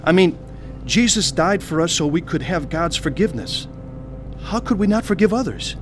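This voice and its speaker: Sincere male narrator, slightly high voice, earnest testimony. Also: animated, normal speed, background noise. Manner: earnest, pleading. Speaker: narrator telling his own conversion story.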